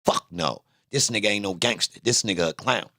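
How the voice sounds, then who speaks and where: A man's voice: lowish voice, fairly quick, pushed and bright, no room sound, studio quality. A man giving a heated, profane reaction to a clip, blunt and emphatic, often repeating his phrases.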